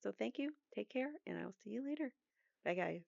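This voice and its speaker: A woman's voice: medium pitch, expressive, a little fast, gravelly, a little mellow, no echo, highs cut off. A woman hosting a true crime commentary channel, talking casually and outspokenly to her viewers. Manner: outspoken, exasperated, chatty.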